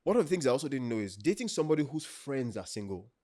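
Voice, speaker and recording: A man in his thirties with a Nigerian accent, a podcast co-host telling stories in a lively, laughing way. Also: medium pitch, quick pace, no room sound, clean studio sound. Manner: animated, laughs often, acts out quotes. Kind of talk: casual storytelling chat.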